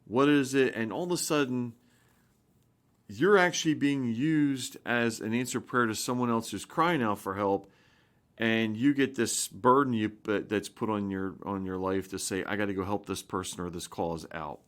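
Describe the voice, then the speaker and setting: A man's voice: fairly low pitch, normal speed. A man in his fifties, a pastor giving an informal spoken sermon, earnest and rambling, with frequent restarts and rising emphasis. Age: 50s.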